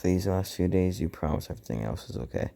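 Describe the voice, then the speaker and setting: Protective, gentle middle-aged mother read by a man, low, gravelly, dark. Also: lively intonation, quick pace, full character voice. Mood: tender.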